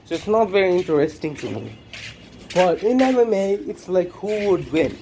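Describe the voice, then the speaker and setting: Man with a high voice, faint hiss behind. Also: sing-song, moderate pace. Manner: blunt, profane, repetitive. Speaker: combat sports commentator. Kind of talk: casual opinion monologue.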